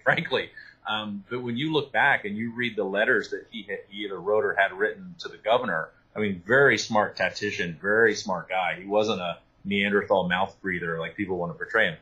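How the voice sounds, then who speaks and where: A man, an author, talking through his research in an animated interview, with many restarts and asides. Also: on the low side, husky, low-quality recording. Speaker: author and guest. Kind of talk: interview conversation.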